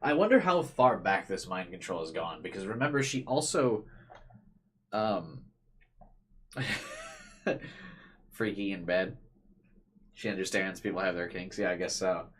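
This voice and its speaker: Low-voiced man musing over a game. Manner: laughing, swearing, musing. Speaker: let's-play host. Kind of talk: casual game commentary.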